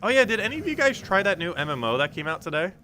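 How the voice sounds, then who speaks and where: Young guy streaming a game, rambly casual chat w lots of ums, bright voice, faint music behind. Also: sits high, very animated, very fast. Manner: chatty, rambling, many ums and restarts, answers chat questions. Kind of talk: casual live-stream commentary while playing.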